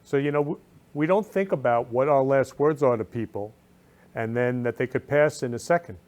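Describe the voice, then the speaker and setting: A man hosts a talk show in an emotional, effusive way. He repeats his phrases with heartfelt feeling. His voice sits at an ordinary pitch. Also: normal speed, darkish tone, highs cut off. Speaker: host.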